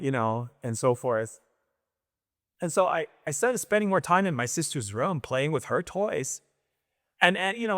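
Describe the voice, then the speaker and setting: A middle-aged man telling a personal story in a rambling, animated way, acting out quoted voices. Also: mid-range voice, in a large hall. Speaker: spiritual speaker.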